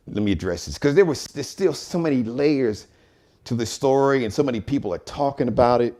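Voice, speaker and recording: A man hosting a live commentary show, joking and telling stories in an animated way. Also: mid-range voice, fairly quick. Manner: animated, joking, storytelling, shout-outs. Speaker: host.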